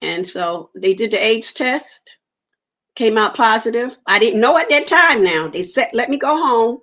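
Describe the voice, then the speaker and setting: A woman's voice: a little high, animated, measured pace, a bit bright. A woman, giving an earnest personal testimony in an interview and acting out the dialogue she quotes. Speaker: interview guest.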